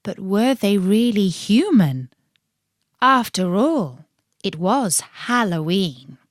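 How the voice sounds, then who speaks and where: A woman narrating a children's story in a playful, expressive way. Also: mid-range voice, slow pace, no room sound, clean studio sound. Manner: warm, playful, expressive reading.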